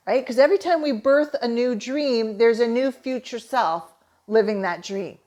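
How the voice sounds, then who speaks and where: A woman's voice: on the high side, moderate pace, darkish tone. A middle-aged woman from Canada, a holistic therapist, telling a personal story with earnest, emotional enthusiasm. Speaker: holistic therapist and manifesting coach.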